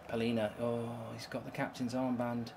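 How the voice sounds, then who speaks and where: A man's voice: mid-range voice, completely flat delivery, normal speed, background noise. A man with a heated, swear-filled delivery, hosting video game commentary. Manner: exasperated, swears often. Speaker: host.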